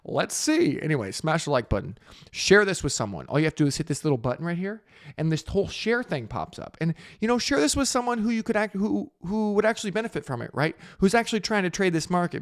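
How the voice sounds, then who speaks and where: A man hosting a casual crypto show to camera, playful and teasing, with mock-sultry asides, on a studio microphone. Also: high voice. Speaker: host.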